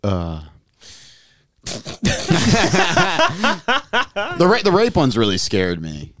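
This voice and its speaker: A man's voice: fairly high pitch, wildly swooping pitch, drawn-out words, crowd noise. A man co-hosting a comedy podcast, chatting in a laid-back way. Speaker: podcast co-host. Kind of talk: casual comedic chat.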